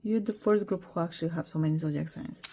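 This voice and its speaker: A woman's voice: low-pitched, fast, mellow, slight background noise. A young adult woman giving a casual tarot reading, talking hesitantly with many fillers and apologies. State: emotional, teary. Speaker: tarot reader.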